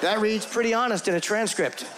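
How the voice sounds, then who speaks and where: Over heavy background noise, a man with a high voice talks fairly quickly through a stand-up set before a live audience. His comedy is confessional and self-mocking, with bits of dialogue acted out in put-on voices.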